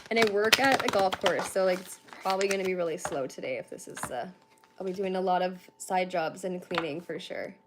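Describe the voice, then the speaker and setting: Fast-talking, tired young woman. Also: lowish voice, noisy background. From Canada. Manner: fast-talking, chatty, laughs often, many fillers. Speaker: tarantula reader on a livestream. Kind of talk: casual livestream chat and card reading.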